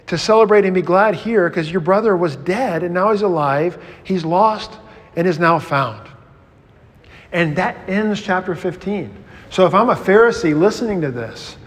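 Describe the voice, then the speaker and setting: A man, a pastor, teaching a Bible study in a conversational, animated way, often restarting his sentences. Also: high-pitched. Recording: long hall reverb.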